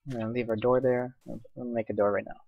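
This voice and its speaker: A man's voice: medium pitch, little pitch movement, fairly quick, vocal fry, no room sound. A man casually commenting on his own gameplay, rambling and mocking himself as he goes. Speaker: let's play host. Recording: dull lo-fi mic with faint hiss.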